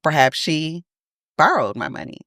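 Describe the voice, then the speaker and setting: A woman co-hosting a podcast in casual chat, emphatic and quick to laugh. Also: low voice, big pitch swings, bright, forceful tone, no echo, clean studio sound. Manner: chatty, laughs often, emphatic. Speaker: podcast co-host.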